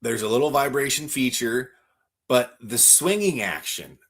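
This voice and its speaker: A man hosting a live toy unboxing stream, gushing with excitement and often stumbling over his words as he reads viewer comments. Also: medium pitch, unhurried, slightly rough. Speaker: toy collector livestream host.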